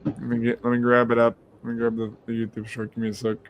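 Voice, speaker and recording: A man casually telling stories on a live stream call, animated and swearing freely. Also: fast talker, a little hiss or hum. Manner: animated, acts out quotes in a high mocking voice, swears freely. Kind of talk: casual storytelling chat. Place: home.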